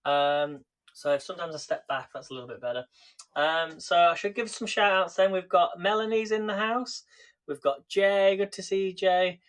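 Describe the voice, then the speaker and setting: This man's voice is high and fairly bright, moving at a normal speed. He runs a live cooking stream in his home kitchen, filmed on a tripod-mounted camera, chatting easily and calling out viewers by name.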